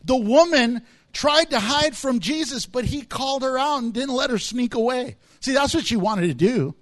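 A man's voice: very high voice, expressive, normal speed. A man preaching a sermon, explaining words from the text and acting out the voices of people in the story. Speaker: pastor.

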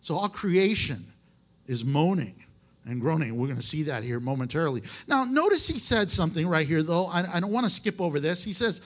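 A man's voice: on the high side, animated, fairly quick. A man who is a pastor, preaching a conversational, emphatic sermon in a folksy way.

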